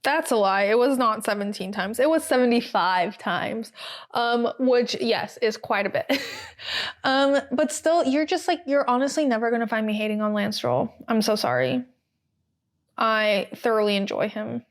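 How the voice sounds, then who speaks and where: A woman's voice: on the high side, lively intonation, moderate pace. An American woman hosting a podcast, recapping in a chatty, casual way with many fillers and wry asides. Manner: chatty, lots of ums and likes, wry asides. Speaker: podcast host. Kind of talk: casual solo recap chat.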